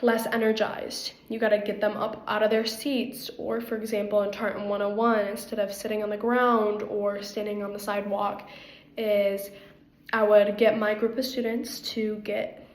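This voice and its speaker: A woman's voice: medium pitch, flat delivery, moderate pace, echoey room. A young adult woman giving earnest, rambling interview answers as an applicant for a campus guide role, with frequent fillers. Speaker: applicant for first year guide.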